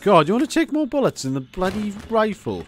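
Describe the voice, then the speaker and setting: A man giving gameplay commentary as a let's play host; he is excitable and jokey and swears a lot. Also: high-pitched, brisk, noisy background.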